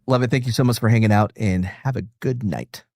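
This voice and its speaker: A male podcast host in casual reaction chat, talking in an animated, sarcastic, excitable way. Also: lowish voice, fairly quick, no room sound, clean studio sound.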